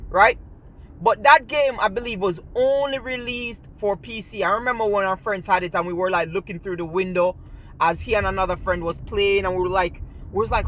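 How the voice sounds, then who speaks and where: Animated Jamaican-accented gaming vlogger. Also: moderate pace. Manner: animated storyteller, jumps higher when quoting friends. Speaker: gaming channel host. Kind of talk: casual reminiscing monologue.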